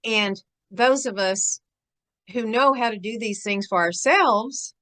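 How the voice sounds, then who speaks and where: A woman's voice: fairly high pitch, slow, bright, forceful tone. A woman interviewer reflecting back on what her guest said, with affirming follow-ups. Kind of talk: conversational interview.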